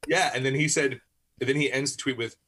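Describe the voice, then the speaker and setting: A man co-hosting a casual podcast, joking and animated. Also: medium pitch, quick pace, noisy background. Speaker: podcast co-host.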